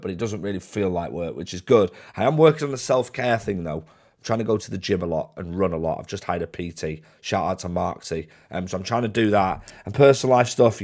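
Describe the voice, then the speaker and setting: A man's voice: low voice, darkish tone. Chatty young man answering questions. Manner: chatty, slangy, laddish, reads questions in a raised voice. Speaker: YouTuber answering fan questions. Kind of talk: casual Q&A to camera.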